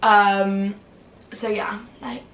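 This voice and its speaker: A woman's voice: mid-range voice, little pitch movement, extremely slow, dull audio, slight background noise. A young woman with a slightly whiny voice, chatting casually to camera and rambling with lots of "like" fillers. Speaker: YouTuber. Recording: roomy, distant from the mic.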